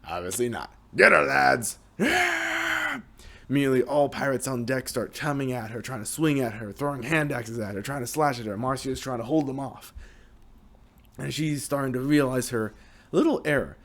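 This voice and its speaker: A young man casually narrating the story of a video game, with restarts and a lively manner. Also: medium pitch, fairly quick. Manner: lively, hesitant retelling with restarts.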